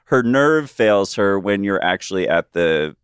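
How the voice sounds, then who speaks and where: Male guest, expressive, dry studio sound, probing questioner. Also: deep voice, a little slow, clear, resonant tone, dry recording. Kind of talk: casual chat.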